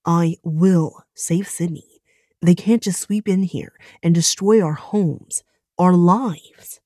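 A woman's voice: on the low side, takes it slowly, dark tone, dry recording, studio quality. A woman voicing a stubborn young man who is defiant and indignant about his hometown, in a storybook reading.

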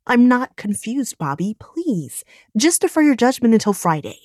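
A woman voicing an earnest young woman pleading with a friend, emphatic and raised a little in pitch. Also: big pitch swings, moderate pace, a little mellow, no room sound, clean studio sound.

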